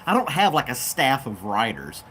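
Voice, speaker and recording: A man's voice: mid-range voice, huge pitch swings, normal speed, a bit bright, slight background noise. A man hosting his own show, chatting casually and off the cuff, rambling between topics and talking to his dog. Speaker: podcast host. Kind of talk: casual chat.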